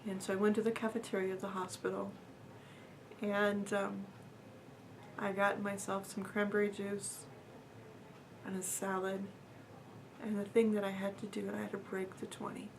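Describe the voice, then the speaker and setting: Earnest and halting, a woman relates a personal story in a casual way, leaning on fillers and repetition and occasionally sinking to a near whisper. She speaks in a monotone at medium pitch, and a little hiss or hum is audible.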